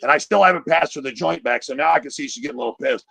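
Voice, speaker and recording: A man's voice: on the high side, rapid-fire, gravelly, husky, dry recording. A man telling a profane, punchy stand-up story over a video call. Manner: profane, punchy, animated delivery. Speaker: comedian.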